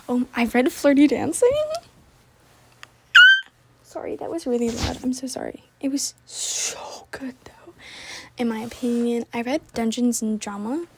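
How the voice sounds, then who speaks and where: A young woman in casual, scattered chat, often trailing off, restarting and dropping to soft asides. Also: a little high, a little hiss or hum. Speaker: book vlogger. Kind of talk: casual rambling chat while gaming.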